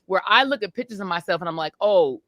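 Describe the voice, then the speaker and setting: A middle-aged woman co-hosting a podcast, chatting casually and telling animated stories about her family. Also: fast, no room sound, highs cut off. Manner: animated storyteller, jumps up high for quoted voices. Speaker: podcast co-host. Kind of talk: casual chat.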